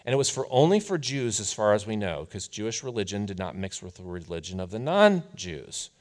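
A man preaching a sermon as a pastor, telling the story in a conversational, animated way. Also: lowish voice, fairly quick.

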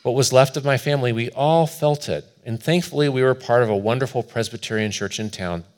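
A man preaching a sermon as pastor, telling a personal story in an earnest way, swelling louder and then dropping to a hush. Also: mid-range voice, fairly quick.

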